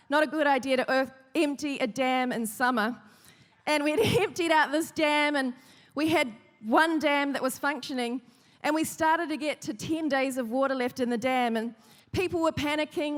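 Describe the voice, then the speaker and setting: A woman preaching a sermon, telling stories with lively, rising emphasis. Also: high voice, long reverb tail. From New Zealand. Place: large hall.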